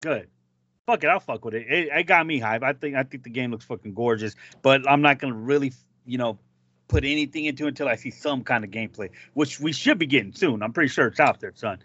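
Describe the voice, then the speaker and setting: A podcast host leading a casual chat in slang, reacting loudly and steering the topic, recorded in dry, dull lo-fi audio. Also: male voice, mid-range voice, fast talker, husky, no echo. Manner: loud reactions, big laughs, slangy.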